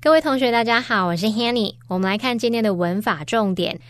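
A woman's voice: a little high, fast talker, over music. A woman teacher explaining grammar points in an orderly, step-by-step way.

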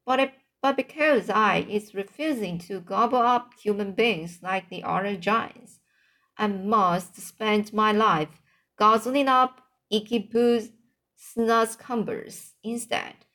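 Woman reader voicing a slow, earnest old giant, storybook read-aloud. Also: on the high side, a bit bright, exaggerated voice. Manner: halting read-aloud, stumbles over words. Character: huge old kindly male giant, muddled speech.

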